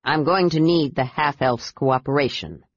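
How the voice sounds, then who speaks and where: A harsh, stern male knight speaks in clipped, commanding tones, as a woman narrating puts him on. His voice sits low, in a dry, dull recording. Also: normal speed, breathy edge, dry recording. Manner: stern, curt.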